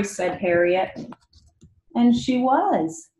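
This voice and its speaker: A woman reading a picture book aloud to children, expressive and pausing to ask them questions. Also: medium pitch. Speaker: read-aloud storyteller for children. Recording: echoey room.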